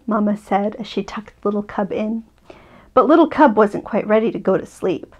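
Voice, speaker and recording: A woman in her thirties gently reading a bedtime picture book aloud, with a soft voice and hesitant fillers. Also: medium pitch, moderate pace, dull audio. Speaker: video creator reading a book.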